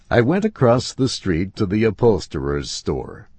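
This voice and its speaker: A man reading a first-person story aloud in a slow, expressive way. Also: on the low side, breathy edge, no room sound. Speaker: narrator.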